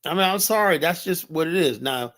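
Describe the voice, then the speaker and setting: A man's voice: on the high side, a little fast. A man hosting a streaming show, telling stories in a casual, profane way, laughing often and quoting other people's voices. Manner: laughing, profane, animated retelling with quoted voices. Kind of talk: casual storytelling monologue. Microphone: streaming setup mic.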